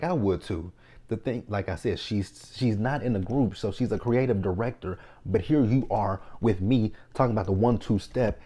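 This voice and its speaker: A man's voice: on the low side, warm tone. A man giving a casual video review of a reality show, blunt, exasperated and profane as he retells the scenes.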